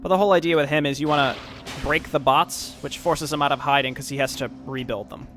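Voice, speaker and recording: A man's voice: fairly high pitch, fast. Man narrating gameplay over game music. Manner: relaxed, explains as he plays, reads lore aloud. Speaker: gameplay commentator. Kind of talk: casual let's-play commentary. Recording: game music loud underneath.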